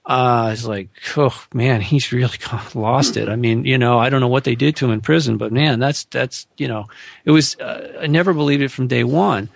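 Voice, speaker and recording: A middle-aged man with a deeply gravelly voice talks frankly and haltingly, stopping and restarting his sentences. The sound is close and dry with no room around it. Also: no echo. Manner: frank, hesitant, many restarts. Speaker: interview guest. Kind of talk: casual interview talk.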